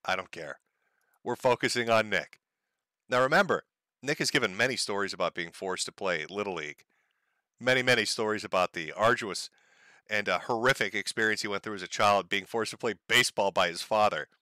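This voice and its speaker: A man's voice: fairly low pitch, brisk, pushed and bright, no room sound. A man hosting a stream, giving sarcastic, profane commentary on a video clip. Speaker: stream host.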